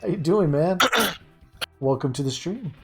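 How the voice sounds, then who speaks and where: A man's voice: on the high side, lively intonation, measured pace, dark tone. A man hosting a casual game stream, chatting with a co-host and greeting viewers by name while hunting for words. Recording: faint game music behind.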